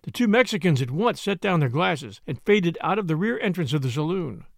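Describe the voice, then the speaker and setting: A man reading a story aloud in an expressive, varied narration. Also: a little high, brisk, gravelly, no room sound, studio quality.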